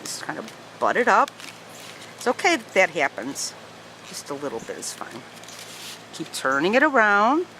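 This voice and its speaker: A woman's voice: medium pitch, huge pitch swings, normal speed, pauses often, background noise. A woman teaching a paper-folding tutorial at home, guiding each fold patiently and step by step. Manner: patient step-by-step instruction, chats to her dogs. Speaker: origami teacher. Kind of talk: hands-on craft tutorial.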